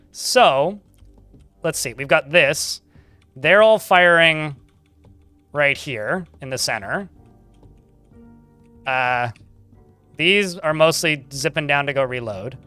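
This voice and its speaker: A man's voice: a little high, lively intonation, slow, long pauses, bright, forceful tone, clear, resonant tone, no room sound, soft background music. A man giving casual, chatty commentary while playing a game, laughing often and swearing offhand.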